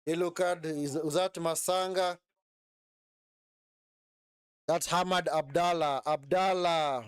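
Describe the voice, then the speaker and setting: A man hosts a live football watch-along, talking over the match in a fairly high, smooth voice. He repeats his phrases and keeps tagging them with "man". The sound is dry and close, with little room echo. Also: takes it slowly. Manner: animated, repeats phrases, says "man" often. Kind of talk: live match reaction commentary.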